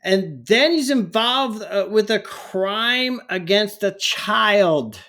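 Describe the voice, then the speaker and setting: A man's voice: sits high, expressive, takes it slowly, sharp tone. A man ranting heatedly in a political commentary vlog, often stumbling over his words.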